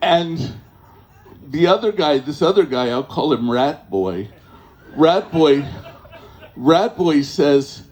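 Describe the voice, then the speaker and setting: A man telling a personal story to a live audience, rambling and halting, with many fillers and restarts, often chuckling as he goes. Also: fairly high pitch, lively intonation, darkish tone.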